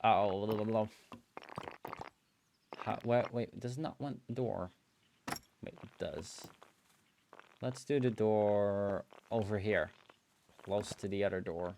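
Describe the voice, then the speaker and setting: A man streaming a building game, musing aloud in relaxed commentary and filling pauses with hums and playful nonsense sounds. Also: lowish voice, vocal fry, noisy background. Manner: slow, musing talk to himself, hums and playful filler sounds.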